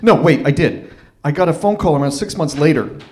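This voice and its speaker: A man's voice: fairly high pitch, animated, brisk, a little mellow. A man telling a personal story at a live open-mic event, conversational and self-deprecating, often restarting his phrases.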